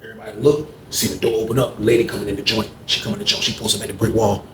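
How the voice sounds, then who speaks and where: Animated storytelling man, echoey room. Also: very fast. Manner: excitable, acts out other people's voices with loud, high bursts. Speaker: storyteller recounting jail events. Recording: echoey room with faint background noise.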